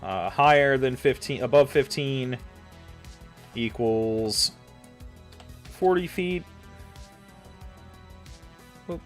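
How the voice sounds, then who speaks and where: A man's voice: medium pitch, drawn-out words, long pauses, soft background music. A man giving casual advice on running tabletop games, thinking aloud and swearing freely as he types notes. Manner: loose and profane, swearing casually; thinks aloud, lots of fillers and trailing off. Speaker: dungeon master giving advice. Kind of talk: casual tutorial while typing notes.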